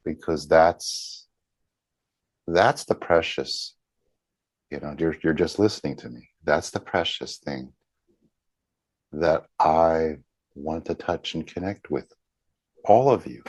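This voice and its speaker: Male session leader, gentle and halting, low and unhurried, video-call audio. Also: no room sound. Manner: slow, gentle, halting, with many pauses and fillers. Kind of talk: guided group healing session over video call.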